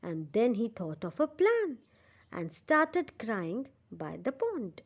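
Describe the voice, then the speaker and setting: A woman's voice: fairly high pitch, wildly swooping pitch, slow pace. A woman schoolteacher with an Indian English accent, telling a story to children and explaining words as she goes. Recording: dull lo-fi recording.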